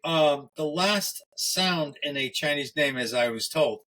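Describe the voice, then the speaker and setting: A man tells crude jokes on a casual podcast. He rambles and stops to restart his sentences. His voice sits slightly high for a man. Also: pushed and bright. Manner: rambling, halting storyteller with restarts. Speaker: podcast co-host.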